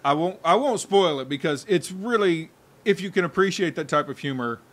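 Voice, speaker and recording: A podcast co-host with a slightly high voice tells stories at a moderate pace during casual chat. He's an animated storyteller who laughs often.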